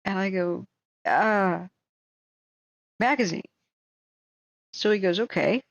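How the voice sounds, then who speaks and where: A woman hosts a livestream and tells a long story in a casual, rambling way, acting out the people in it. Her voice sits at a middle pitch. The sound is dry and a little dull, like a basic desk mic. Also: slow, no room sound. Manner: animated, rambling, acts out quotes with shrieks and laughs. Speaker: livestream host.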